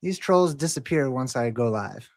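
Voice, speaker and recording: A man's voice: medium pitch, animated, normal speed, creaky. A man hosting a livestream, talking casually and mockingly challenging a troll in the chat. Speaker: livestream host.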